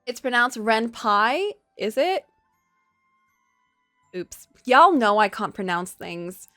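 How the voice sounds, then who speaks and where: A woman's voice: fairly high pitch, takes it slowly, no echo, clean studio sound, faint music behind. A woman streaming a game live, reading its text aloud and chatting casually, laughing and gasping as she reacts. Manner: lively, chatty, laughs often, reacts with gasps.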